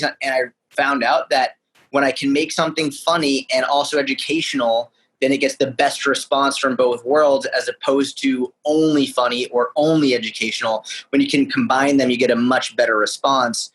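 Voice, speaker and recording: A young man, a fitness coach answering podcast questions in a candid, animated way. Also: mid-range voice, low-quality recording. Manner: candid, animated storytelling with asides. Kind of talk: casual interview answers.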